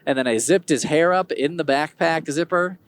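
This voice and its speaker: A man's voice: fairly high pitch, normal speed. A man hosting his own podcast, talking in a rambling, digressive way with wry humor. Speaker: podcast host. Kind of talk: casual solo podcast monologue.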